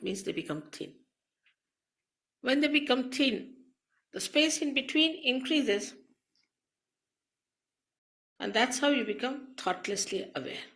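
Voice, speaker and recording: A woman spiritual teacher giving a slow, measured talk to an audience, speaking into a mic in a hall. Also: high-pitched, fairly bright tone.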